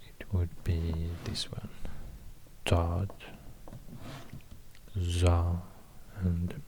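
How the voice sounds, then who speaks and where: A man with a Swedish accent rambling quietly in soft-spoken ASMR, half-whispering and pausing often. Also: deep voice, slight background noise. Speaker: ASMR creator.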